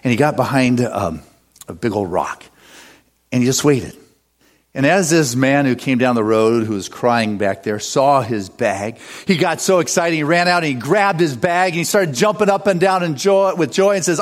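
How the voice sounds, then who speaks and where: A man's voice: a little high, animated, normal speed. A man preaching a sermon as pastor, telling a story with laughs and building to an upbeat call.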